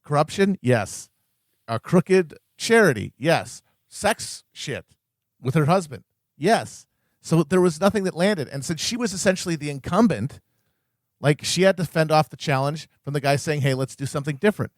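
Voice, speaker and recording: Podcast co-host, man, slightly high voice, dry close mic, wry and profane, builds to emphatic rants. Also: animated, normal speed, no echo. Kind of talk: casual political chat.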